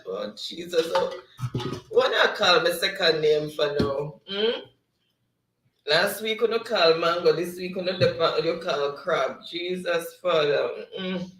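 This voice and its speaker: A Jamaican man hosts a relaxed livestream, reading the chat aloud and breaking into laughter between comments. His voice sits a little high for a man. He is set back from the mic in an echoey room. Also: far from the mic.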